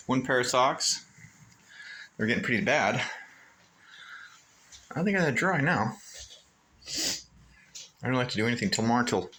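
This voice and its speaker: A man's voice: medium pitch, pushed and bright, slight background noise. A man on a pilgrimage talking to his phone camera in a hotel room, rambling and emotional as he thinks aloud. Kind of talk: rambling vlog monologue.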